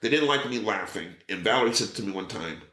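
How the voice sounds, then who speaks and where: A man's voice: lowish voice, lively intonation, quick pace, bright, forceful tone. A man telling stories as a podcast guest. He acts out other people's lines and swears casually. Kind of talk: casual storytelling. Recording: roomy echo.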